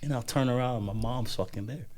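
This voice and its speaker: A man's voice: medium pitch, fast, a little hiss or hum. A man with a Southern American accent, co-hosting a podcast in casual chat, laid-back and swearing freely. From Southern United States. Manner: relaxed, frequent restarts and swearing. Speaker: podcast co-host.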